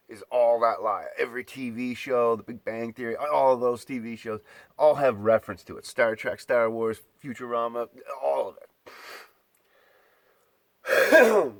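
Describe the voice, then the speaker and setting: A man's voice: medium pitch, no echo. A man delivering an exasperated, profane ranting monologue, mocking his listeners.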